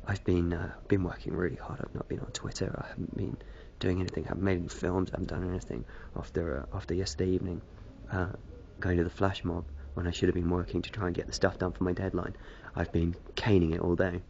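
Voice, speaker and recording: Low gravelly man, rambling vlog. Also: little pitch movement, quick pace, hardly any pauses, a little mellow, muffled recording, slight background noise. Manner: hesitant, self-deprecating, lots of fillers; smoking a cigarette while talking. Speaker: video blogger. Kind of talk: casual rambling vlog to camera.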